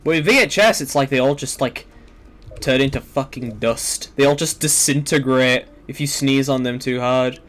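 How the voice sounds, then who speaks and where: A man's voice: mid-range voice, moderate pace, a bit bright. Rambling, swearing young man streaming a game. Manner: rambling, filler-heavy, swears casually. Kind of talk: casual gaming stream chat.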